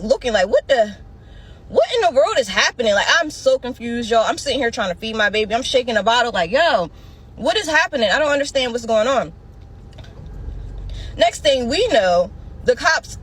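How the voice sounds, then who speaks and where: Woman telling a dramatic storytime. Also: a little high. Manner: breathless, dramatic retelling with slang and direct address. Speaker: storyteller in a clip being reacted to. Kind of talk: animated personal storytime.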